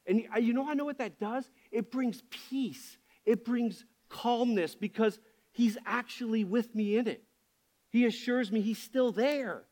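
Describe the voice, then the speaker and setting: Passionate high-voiced male pastor. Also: measured pace, darkish tone. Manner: passionate, candid. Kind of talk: sermon.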